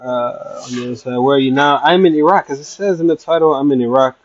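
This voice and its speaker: A man's voice: medium pitch, fast, no room sound, muffled recording. A man on a casual travel livestream, chatting playfully as he answers viewers' questions. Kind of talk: casual livestream chat reading comments. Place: traveling in Iraq.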